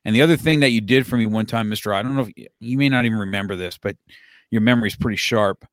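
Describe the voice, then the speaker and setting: A man's voice: lowish voice, fast talker, no echo, studio quality. A man in his fifties, a martial arts instructor, telling stories in casual conversation, rambling and repeating his words. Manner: rambling, restarts and repeats words, chuckles often.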